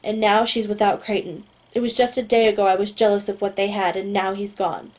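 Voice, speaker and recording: Female audiobook reader, first-person narration, mid-range pitch, steady reading with the odd self-correction. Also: brisk, hardly any pauses.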